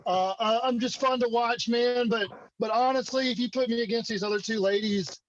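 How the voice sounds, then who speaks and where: A man in his thirties with a Mississippi drawl, a relaxed interview guest on a video call who calls people man and dude. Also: very high voice, moderate pace, no echo, dull audio. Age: 30s. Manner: laid-back drawl, says man and dude a lot. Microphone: computer video call.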